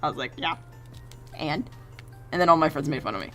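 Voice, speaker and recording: A woman's voice: low-pitched, animated, brisk, bright, forceful tone, soft background music. A young woman streaming from home, chatting casually while she draws, swearing and laughing as she tells stories and plays the people in them. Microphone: desk mic.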